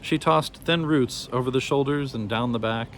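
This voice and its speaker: A man's voice: mid-range voice, a little hiss or hum. Man reading a storybook aloud. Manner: expressive, measured storytelling. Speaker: narrator.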